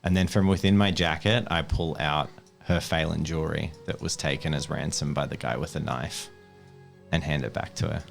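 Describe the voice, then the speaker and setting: Very deep gravelly man at a game table. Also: fairly even intonation, soft background music. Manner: deliberate, in-character storytelling. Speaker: player. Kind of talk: tabletop role-play.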